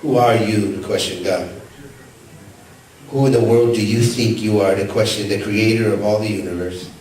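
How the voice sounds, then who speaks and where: A man preaching a sermon as pastor, telling stories and asking the congregation rhetorical questions, swinging between loud, high calls and soft, low asides. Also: steady tone, moderate pace, a little hiss or hum. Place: church sanctuary. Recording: echoey church from a distant mic.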